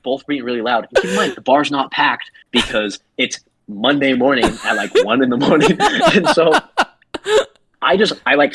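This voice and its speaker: A man's voice: mid-range voice, a bit bright, slightly rough, no echo. A man co-hosting a podcast, telling a story casually and animatedly with plenty of laughter. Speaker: podcast co-host.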